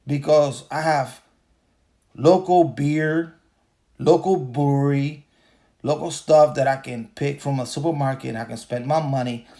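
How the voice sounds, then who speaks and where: Laughing mid-sentence and circling back to the same points, a man hosting a livestream podcast rants casually with plenty of profanity. He speaks a little slowly in a fairly high voice with a dark tone.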